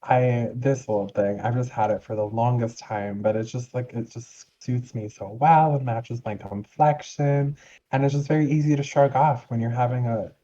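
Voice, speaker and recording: A man's voice: medium pitch, steady tone, warm tone, muffled recording, lightly acted. A man voicing a gushing, sweet-talking female guild member in a tabletop game, fawning and chatty. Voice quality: fawning and chatty, drawn-out syrupy phrasing.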